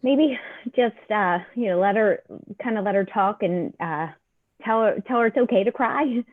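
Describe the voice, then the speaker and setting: A woman's voice: mid-range voice, normal speed, no echo, narrow, tinny audio. A woman taking part in a webinar, answering and asking questions hesitantly, with many fillers. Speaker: webinar participant. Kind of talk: casual discussion.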